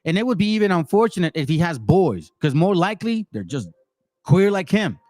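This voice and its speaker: A man's voice: high-pitched, big pitch swings, fairly quick, darkish tone, no echo. A man in his forties ranting as channel host, confrontational and slangy. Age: 40s. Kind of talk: heated rant to a commenter.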